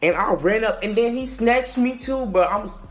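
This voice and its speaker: A young man telling a casual storytime tale. He is animated and slangy, and he acts out the quotes and the shouting. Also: high-pitched, moderate pace, faint music behind. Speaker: vlogger.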